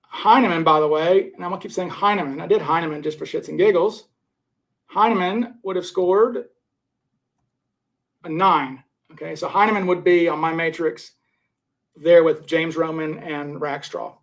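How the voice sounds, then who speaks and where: A man's voice: on the high side, steady tone, moderate pace. A man hosting a live stream, casually reading viewer comments and rambling through his scoring of suspects. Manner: rambling, repeats and restarts while scoring suspects. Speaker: livestream host.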